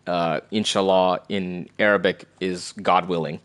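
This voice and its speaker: A man's voice: low-pitched, steady tone, normal speed, few pauses, fairly bright tone. A man doing casual live commentary on a game playthrough, reading in-game messages aloud and adding slangy quips. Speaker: streamer.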